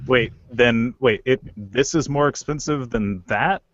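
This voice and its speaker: A man's voice: mid-range voice, unhurried, dry recording. A man co-hosting a podcast, chatting casually and cracking jokes. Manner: joking, lively. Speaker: podcast co-host. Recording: dull lo-fi audio.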